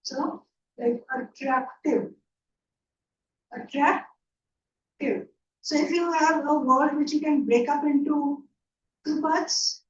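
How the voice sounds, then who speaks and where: A woman's voice: sits high, a little mellow. A woman teaching an online English grammar lecture, patiently checking understanding with frequent "yeah?" and "right?". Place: online class from a room. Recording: roomy, distant, dull online lecture audio.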